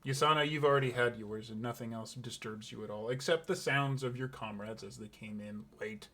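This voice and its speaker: A man, the game master, narrating a tabletop game in a slow, hushed, deliberate way. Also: medium pitch.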